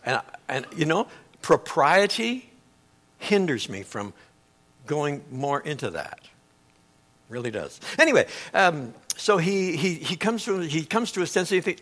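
A middle-aged male pastor delivers a sermon in a bright, forceful voice that sits high for a man. His pitch leaps around as he tells the story, and he swings between loud outbursts and near-hushed asides. The delivery is lively and conversational. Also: measured pace. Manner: animated storytelling, acting out quotes with big swings in volume.

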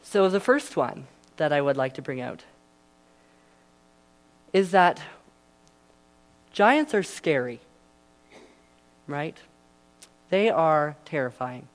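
A young man preaches in a loose, conversational way, peppering his story with fillers and asides. His voice sits a little above the usual male range. He keeps the retelling relaxed and chatty. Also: on the high side, takes it slowly, long pauses. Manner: casual and chatty, many fillers. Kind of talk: sermon.

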